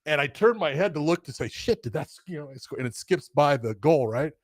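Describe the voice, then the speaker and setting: An older man co-hosting a podcast who tells stories in a casual, animated way, swearing now and then and acting out the voices of the people he quotes. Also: a little high, brisk, no room sound, studio quality. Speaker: podcast co-host, former referee. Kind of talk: casual storytelling chat.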